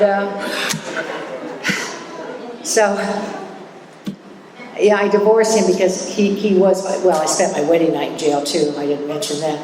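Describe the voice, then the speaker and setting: Middle-aged woman, low voice, candid and self-mocking, echoey hall, distant mic. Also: a little mellow, slight background noise. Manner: candid, self-mocking, chatty with many restarts. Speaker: recovery meeting speaker. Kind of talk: personal recovery talk. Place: meeting hall. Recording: echoey hall recording from afar.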